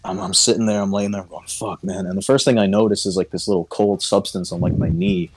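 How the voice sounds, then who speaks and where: A man's voice: on the low side, animated, quick pace, a little mellow, husky. A man co-hosting a podcast, telling a story in casual chat, swearing often and laughing through it. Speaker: podcast co-host.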